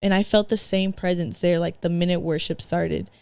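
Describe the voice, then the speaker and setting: A woman's voice: on the low side, fairly even intonation, normal speed, vocal fry, darkish tone, clean tone, no room sound. A woman from San Diego, a podcast guest, telling her own story in a slangy, casual way that is full of "like" and "bro". She acts out her past self and slips in Spanish phrases. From San Diego, California.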